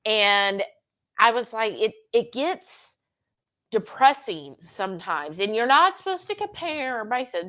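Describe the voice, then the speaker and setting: A woman's voice: on the high side, lively intonation, moderate pace, a bit bright. A woman hosting a livestream, talking in a candid, rambling way with plenty of restarts. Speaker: livestream host. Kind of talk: casual chat.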